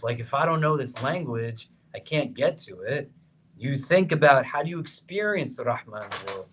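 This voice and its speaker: A man, an imam, gives a religious lecture to a seated audience in a prayer hall, talking conversationally, often checking in with questions and rising sharply in pitch when he presses a point. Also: fairly bright tone. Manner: voice rises sharply on emphatic questions.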